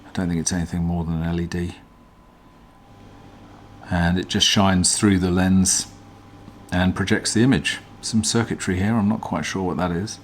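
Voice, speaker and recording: A man hosts a casual teardown video, explaining each part in a relaxed, hesitant way with plenty of ums. His voice is low-pitched, and a faint noise runs underneath. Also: normal speed. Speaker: vlog host.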